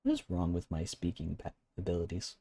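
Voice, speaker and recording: A man's voice: deep voice, wildly swooping pitch, fairly quick, warm tone, breathy edge. A man streaming a video game, chatting casually, musing aloud and reading game lines. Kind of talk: casual let's-play commentary. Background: game music.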